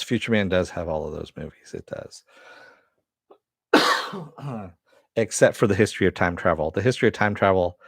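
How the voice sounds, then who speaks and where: A man's voice: sits low, no echo, studio quality. A man hosting a casual live-stream chat, answering viewers and swearing now and then. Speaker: host.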